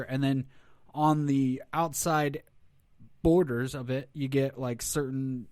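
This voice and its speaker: A man's voice: fairly high pitch, clear, resonant tone, dry recording, clean studio sound. A man co-hosting a podcast, telling a long story in casual chat and laughing often. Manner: rambling storyteller, laughs a lot. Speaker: podcast co-host.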